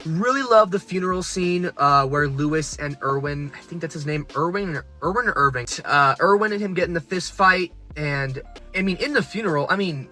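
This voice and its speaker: A man with a fairly high, bright, forward voice talks through a book review from inside his car. He rambles excitably and swears freely, with faint music underneath. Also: brisk. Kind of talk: casual spoken book review. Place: parked car.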